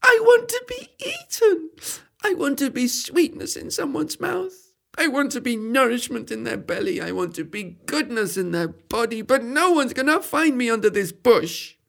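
A storyteller voicing a small female apple who sobs in a high, tearful voice and longs to be eaten. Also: moderate pace, creaky, fairly bright tone. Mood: longing. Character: sad little apple longing to be eaten, female.

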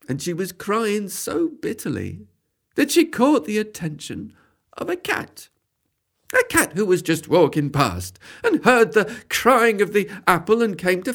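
A storyteller telling a children's tale aloud, expressive and lilting, repeating phrases for effect. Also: mid-range voice, creaky, slightly rough.

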